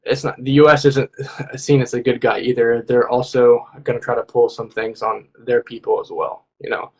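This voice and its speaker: A man's voice: mid-range voice, little pitch movement, normal speed, a little mellow, slightly rough. A man appearing as a guest channeler on a livestream, talking in a casual, rambling way with many fillers. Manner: rambling, filler-heavy, laughs often.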